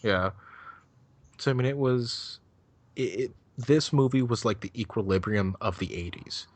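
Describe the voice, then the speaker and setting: A man's voice: lowish voice, unhurried, dry recording. A man chatting casually on a podcast, rambling loosely and swearing freely as he gives his take on a film. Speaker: podcast co-host. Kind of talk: casual chat.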